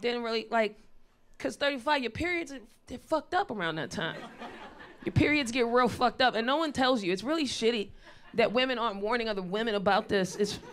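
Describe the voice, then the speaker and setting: A woman's voice: fairly high pitch, a little fast, slight background noise. A woman in her thirties doing a stand-up comedy set, blunt, profane and conversational as she tells her stories. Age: 30s. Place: live stage venue.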